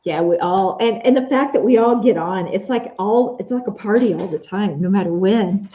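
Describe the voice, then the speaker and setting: A medium-pitched woman with a mellow voice talks at a moderate pace in a muffled recording. She sews at home on a live stream for her Etsy shop, casually answering viewers' comments and naming each one.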